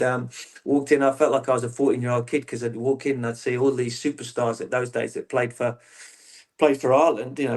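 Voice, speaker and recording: A former footballer in an interview, telling long stories in a rambling, self-interrupting way. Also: male voice, mid-range voice, darkish tone. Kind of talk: casual interview chat.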